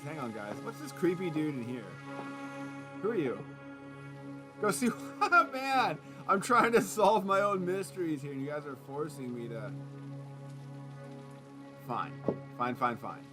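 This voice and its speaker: Brief: wisecracking male streamer, unhurried talk, game music playing behind. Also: fairly high pitch, lively intonation. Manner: joking, sarcastic asides. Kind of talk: live game commentary.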